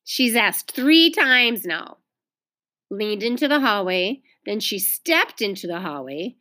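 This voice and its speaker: Bright, animated woman reading to kids. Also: mid-range voice, slow. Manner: questioning, explaining to kids. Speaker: teacher reading to children. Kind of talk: read-aloud storytelling with comments.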